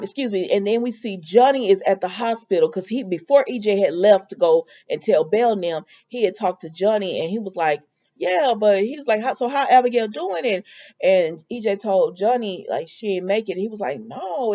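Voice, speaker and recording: A woman vlogger with speech, chatting her way through a recap and acting out quoted lines. Her voice is mellow and warm. The recording sounds dull and lo-fi. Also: medium pitch. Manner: animated retelling with quoted dialogue. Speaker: soap opera recap vlogger. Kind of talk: casual recap chat.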